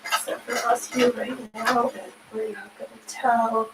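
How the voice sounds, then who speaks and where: Woman livestream host, high and unhurried, chatty and giggly, echoey room. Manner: chatty, laughs often, answers chat aloud. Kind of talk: casual chat while sewing on stream. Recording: echoey room with faint ambience.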